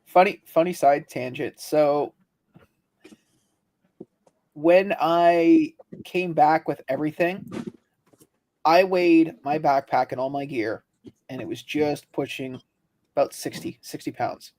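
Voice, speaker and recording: A man co-hosting a livestream, telling rambling, animated stories and laughing often in casual chat. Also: fairly high pitch, slow pace, long pauses. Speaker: livestream co-host.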